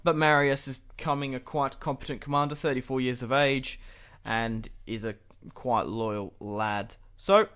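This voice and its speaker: A man's voice: mid-range voice, unhurried, few pauses, clean tone. A young man giving casual, chatty commentary over a strategy game, thinking aloud as he plays. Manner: chatty and relaxed, thinking aloud, with light laughs. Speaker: channel host, gameplay commentator.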